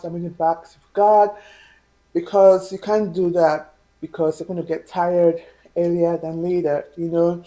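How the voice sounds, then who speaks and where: A woman giving chatty advice in a vlog, often checking in with the viewer and filling pauses with "um". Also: on the low side, mellow, poor audio. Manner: chatty, asks the viewer "right?" and "you know?", fills pauses with "um". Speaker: vlogger.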